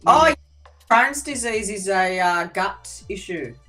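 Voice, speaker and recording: An Australian woman co-hosts a live tarot stream in a relaxed, friendly way. She speaks in short remarks and warmly invites viewers to return. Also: medium pitch, slow, soft background music. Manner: friendly, brief interjections, invites viewers to subscribe. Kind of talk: casual live-stream chat.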